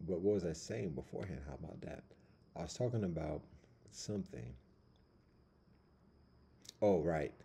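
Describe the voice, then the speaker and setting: A man with a deep, mellow, slightly husky voice rambles casually from his seat at home. He drifts between thoughts, circles back with fillers and restarts, and leans on street slang. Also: animated, normal speed, pauses often. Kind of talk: casual monologue. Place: at home by a window.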